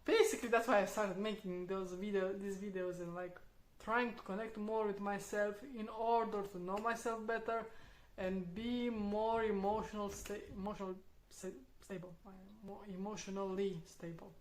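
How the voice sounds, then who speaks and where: A young mother talks openly to her camera, thinking out loud, restarting words and dropping the odd swear word. Her voice sits at an ordinary middle pitch. The room around her gives it a noticeable echo. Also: steady tone, normal speed. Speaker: parent reviewing a parenting book. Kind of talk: casual reflective vlog talk. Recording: roomy echo.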